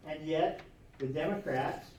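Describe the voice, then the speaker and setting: A little hiss or hum sits under this distant recording of a man teaching history in an echoey classroom. His slightly high, darkish voice moves a little slowly, yet he lectures animatedly, asking rhetorical questions and slipping in chuckling asides.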